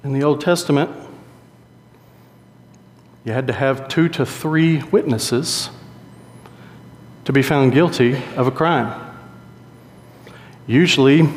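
A man preaching a sermon in a conversational, animated storytelling way. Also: medium pitch. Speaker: pastor. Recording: long hall reverb.

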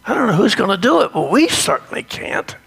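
A man voicing a worried woman carrying burial spices who talks in a hushed, fretful way. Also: high voice, very animated, a little fast, creaky, breathy edge, pitched above the performer's own voice, heavily acted.

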